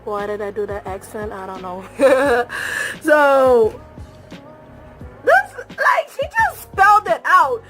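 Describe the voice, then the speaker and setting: A young woman recaps a reality show for her viewers in a casual, animated way. Her voice sits a little high, and she hammers her points home by repeating herself. Soft music plays underneath. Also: slow pace. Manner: animated, emphatic, repeats phrases for effect; talks straight to viewers, calls them y'all.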